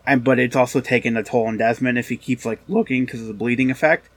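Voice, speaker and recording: A man co-hosting a casual chat, explaining things in a relaxed, matter-of-fact way. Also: mid-range voice, fast talker. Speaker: podcast co-host.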